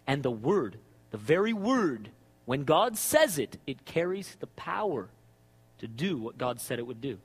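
A man preaching a sermon in an animated, conversational way, often checking in with "right?". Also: mid-range voice, a little slow, slightly rough, in a large hall.

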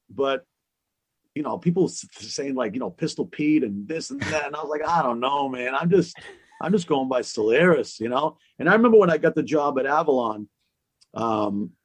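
A man's voice: medium pitch, dry recording. A man, a DJ, telling stories in a casual chat, acting out the people he quotes. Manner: animated storyteller, acts out quoted exchanges. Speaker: DJ guest.

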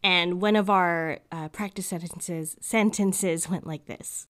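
Speaking slowly and steadily with hardly any pauses, this podcast co-host, a woman in her thirties, has a lowish, slightly bright voice. She keeps the casual conversation upbeat, giggling often and using many fillers.

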